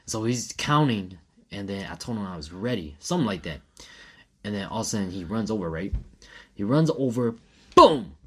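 A man in his thirties in casual chat, telling a story in an animated, slangy way and acting out what people said. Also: on the low side, normal speed, breathy edge.

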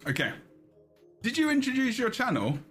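Teasing podcast host, lively pitch. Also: male voice, moderate pace, soft background music. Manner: teasing, laughs often, trails off with ums. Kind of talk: casual podcast banter.

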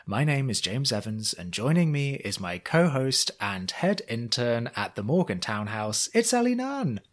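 A man's voice: medium pitch, very animated, a little slow. A man hosting a podcast, chatting casually with dry, teasing humor. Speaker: podcast host.

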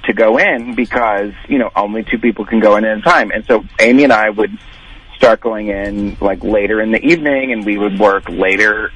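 A man talking in a casual podcast chat as co-host of a paranormal TV show, self-deprecating and quick to wave off praise. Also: lowish voice, a bit bright, husky, rough recording.

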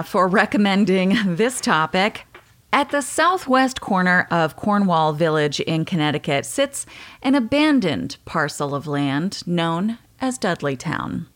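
A woman's voice: mid-range voice, animated, unhurried, fairly bright tone. A woman hosting a podcast, telling a story in a chatty way and laughing often. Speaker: podcast host. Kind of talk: casual storytelling chat.

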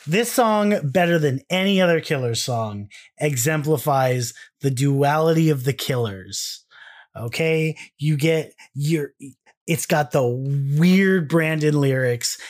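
A man's voice: fairly high pitch, lively intonation, takes it slowly. A man co-hosts a casual podcast, rambling goofily. He drifts between his points with restarts and silly asides. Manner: goofy, rambling enthusiasm. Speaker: podcast co-host.

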